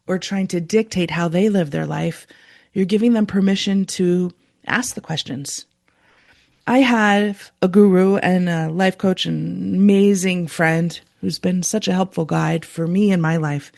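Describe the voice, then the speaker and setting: A woman's voice: lowish voice, creaky, darkish tone. A woman hosting a podcast, talking earnestly and confessionally as a coach about her own relationships. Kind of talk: personal storytelling monologue.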